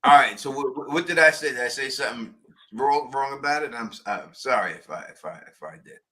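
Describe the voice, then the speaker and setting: Bright-voiced Queens New York man. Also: mid-range voice, expressive, a little fast. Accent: New York City, Queens. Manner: emphatic, stumbling restarts. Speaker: live stream co-host. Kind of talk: casual chat.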